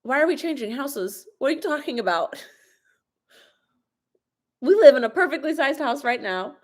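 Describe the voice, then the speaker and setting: Young woman vlogger, casual live-stream chat, slightly sick with sniffles, quick to laugh. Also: high-pitched, expressive. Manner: chatty, laughs often, answers viewer questions. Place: home, at a laptop in the kitchen. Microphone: laptop or phone camera propped up.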